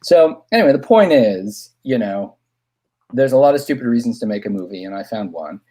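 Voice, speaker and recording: Husky man telling a lively anecdote. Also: mid-range voice, brisk. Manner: animated anecdote teller, acts out quoted voices. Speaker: guest film director. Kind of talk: casual podcast storytelling.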